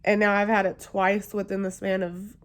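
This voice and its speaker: A woman's voice: medium pitch, little pitch movement, moderate pace. Young woman vlogger, talking straight to camera, chatty and emotional, full of fillers. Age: young adult. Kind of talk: casual storytelling to camera.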